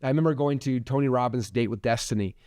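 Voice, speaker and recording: A man in his forties hosts a podcast and delivers a rambling motivational talk packed with "like" and restarts. His mid-range voice is fast and somewhat dark, recorded in studio quality without echo.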